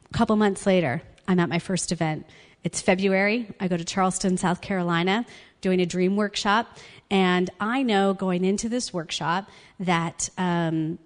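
A woman's voice: fairly low pitch, darkish tone, in a large hall. A woman giving a personal testimony sermon as a guest speaker, telling her story in an earnest, conversational way.

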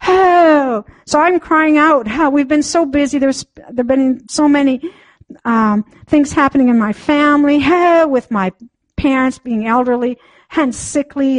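A woman's voice: high voice, steady tone, measured pace, no echo. An older woman giving an emotional church testimony, laughing often, sighing and exclaiming, sometimes near tears. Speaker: church member sharing testimony.

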